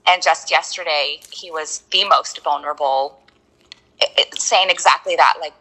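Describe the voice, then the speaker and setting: Rambling woman guest, low bright voice. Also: moderate pace, low-quality recording. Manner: rambling, many fillers and restarts. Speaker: client, guest. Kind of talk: casual interview chat.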